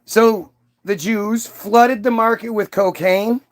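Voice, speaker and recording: A man's voice: sits high, steady tone, takes it slowly. A man hosting a profane, rambling rant monologue, full of restarts and swearing. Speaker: host.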